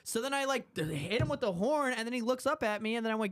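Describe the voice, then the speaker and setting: A man's voice: very high voice, animated, fast talker. A man hosting a podcast, telling a story bluntly and brashly and swearing freely. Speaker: podcast host. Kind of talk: casual storytelling.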